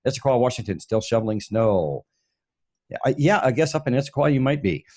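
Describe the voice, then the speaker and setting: A man's voice: medium pitch, lively intonation, fairly quick, mellow. A man from the Pacific Northwest hosting a casual live stream, chuckling often as he reads out listener check-ins. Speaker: host.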